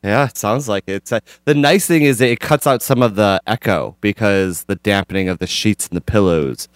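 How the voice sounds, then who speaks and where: Man, podcast host, low and smooth voice, playful teasing, dry sound. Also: brisk, no room sound. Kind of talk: casual chat.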